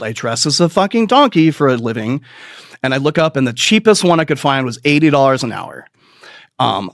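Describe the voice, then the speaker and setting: A middle-aged man telling a rambling, profane comic story with quick asides and put-on voices. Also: fairly high pitch, fairly bright tone, no room sound, clean studio sound. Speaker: comedian. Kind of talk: stand-up storytelling.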